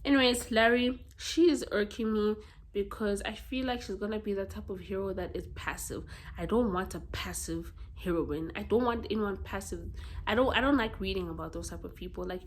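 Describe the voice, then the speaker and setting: A South African woman with a South African accent, chatting casually about books she has read in a blunt, expressive way and swearing freely. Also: mid-range voice, a little fast. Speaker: book vlogger. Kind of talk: casual book review chat.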